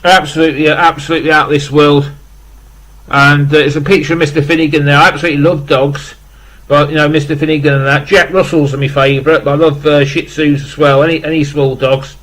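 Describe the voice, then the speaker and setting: A man's voice: a little high, flat delivery, fast, a bit bright, low-quality recording. A British man in his fifties chatting casually in an unboxing vlog, rambling with lots of fillers, emotional and close to tears. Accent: British English. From England. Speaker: vlogger.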